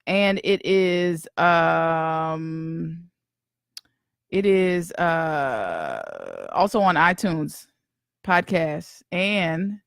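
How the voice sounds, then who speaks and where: A woman's voice: deep voice, lively intonation, very slow, creaky, pauses often, clean tone, dry recording, studio quality. A woman podcast host in casual live-stream chat, slangy and talkative, greeting viewers by name.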